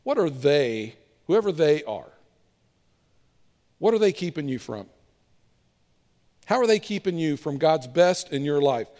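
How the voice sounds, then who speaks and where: A male pastor preaches with a high, expressive voice, slipping into the voices of the people in his stories. His words ring out with the long reverb of a large hall. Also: a little slow, long pauses. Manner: animated storytelling, acting out voices of biblical figures. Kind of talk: sermon.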